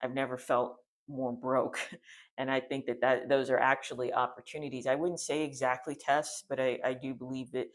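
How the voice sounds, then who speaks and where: Male spiritual teacher, mid pitch, casual rambling storytelling delivery. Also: flat delivery, fairly quick. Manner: rambling, many restarts and fillers, conversational.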